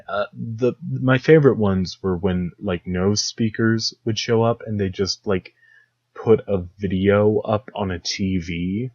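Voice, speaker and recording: Slow, low-voiced sarcastic young man. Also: a little mellow, dry recording. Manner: sarcastic, rambling, slips into mocking impressions. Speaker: podcast host. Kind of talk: solo comedic podcast monologue. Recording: dull lo-fi dry recording.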